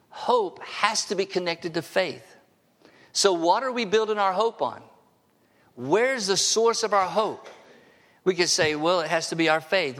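A man's voice: fairly high pitch, a bit bright. A man in his sixties preaching a sermon in a church sanctuary, conversational with wry asides. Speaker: pastor. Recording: long hall reverb.

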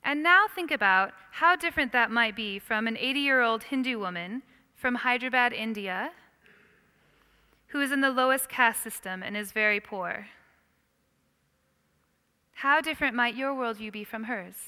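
A woman lectures to a class in a lively, engaging way, stopping often to put questions to her listeners. Her voice sits a little high and is crisp and smooth, with a bright edge. A long reverb trails each phrase, as in a large hall. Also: moderate pace, long pauses. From United States. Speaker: Christian teacher.

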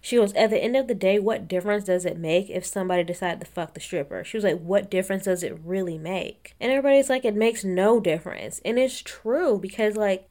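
A chatty woman runs through a reality show episode in casual gossip style. She is opinionated and quotes the cast in snippy little bits, laughing as she goes. Her voice sits at a middle pitch. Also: brisk, hardly any pauses, a little mellow. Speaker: reality TV recap host.

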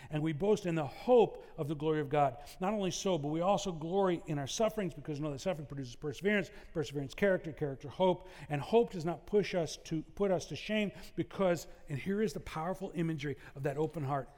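Male pastor, conversational preaching style with humor, slightly high voice, long hall reverb. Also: a little fast, few pauses, a little mellow. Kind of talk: sermon.

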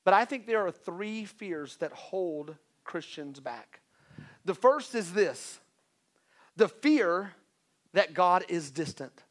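A man preaching a sermon in a conversational way, with joking asides and swings from quiet to loud. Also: high-pitched, animated, takes it slowly. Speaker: pastor.

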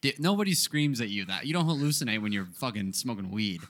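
Bright-voiced profane young man. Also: medium pitch, quick pace. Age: 20s. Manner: rambling, profane, deadpan. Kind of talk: casual comedic storytelling.

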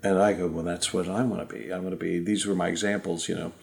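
A man in his fifties from Ohio, a magician guest telling lively anecdotes in casual conversation. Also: low-pitched, quick pace, creaky. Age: 50s. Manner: animated anecdotes, mimics people he quotes. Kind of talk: casual storytelling.

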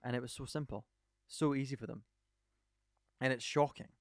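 A man in casual podcast chat, eagerly recounting a story and wandering through the details. His voice is smooth and resonant, recorded dry and close with no room sound, at an ordinary middle pitch. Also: steady tone, normal speed, no echo. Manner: enthusiastic storyteller, rambling. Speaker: podcast co-host. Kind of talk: casual chat, retelling a documentary.

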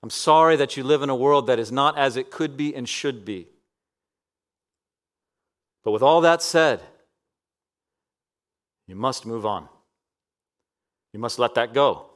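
Man, 30s, preacher, sermon, emphatic peaks, soft hushed passages, mid pitch. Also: a little slow, pauses often. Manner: dynamic preaching, swinging from loud emphatic peaks to soft near-whispers.

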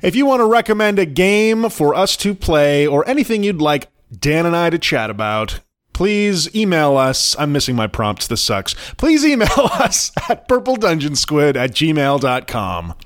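A man's voice: fairly high pitch, big pitch swings, unhurried. Rambling man co-hosting a podcast. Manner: rambling, self-deprecating, joking. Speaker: podcast co-host. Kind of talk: casual chat.

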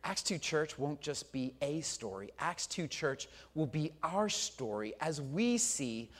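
Man, 40s, pastor giving a sermon; lively storyteller, slightly high voice. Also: takes it slowly. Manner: storytelling, animated, swings from loud to soft.

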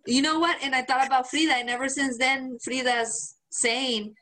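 This woman, a podcast co-host, narrates a story in loose, profane banter, performing the quotes with animation. Her voice sits high, and she keeps a moderate pace with few pauses.

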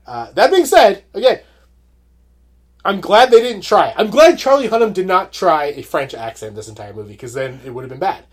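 A man co-hosting a podcast, reviewing a movie in measured casual chat and agreeing often. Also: sits high, sing-song. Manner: measured, agreeable, frequent short assents. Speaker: podcast co-host.

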